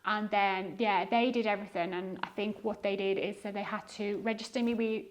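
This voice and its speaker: A woman's voice: mid-range voice, fairly even intonation, brisk. A woman in her thirties with a diluted Liverpool accent, chatting casually as a guest on a podcast, rambling with fillers and restarts. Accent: diluted Liverpool (Scouse). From Liverpool, England. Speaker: guest eBay reseller.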